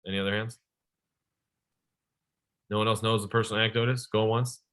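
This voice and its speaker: A young man leads a sales training session with a bright, forceful voice. He talks to the room directly, firing questions at his listeners and keeping the energy up. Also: fairly low pitch, brisk, smooth. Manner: energetic, addresses the audience directly.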